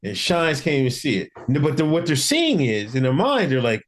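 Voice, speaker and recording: A man co-hosting a casual podcast chat, animated and laughing often. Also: fairly quick. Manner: animated, laughing often, lively swings in pitch. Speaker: podcast co-host.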